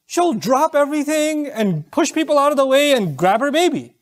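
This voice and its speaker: A man's voice: very high-pitched, sing-song, normal speed. A man preaching a sermon, telling a story with feeling, acting out the voices of its people and reciting verses in Arabic.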